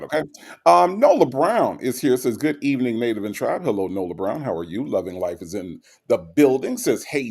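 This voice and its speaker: A man's voice: mid-range voice, gravelly, darkish tone. A man hosting a casual livestream talk show, reading out viewer comments and repeating phrases for effect.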